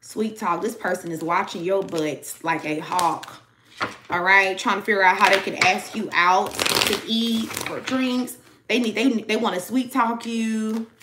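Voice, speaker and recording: A woman's voice: medium pitch, fairly bright tone, a little hiss or hum, poor audio. A young woman giving a casual tarot reading to her viewers, chatty and slangy, talking straight to the audience. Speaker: tarot reader.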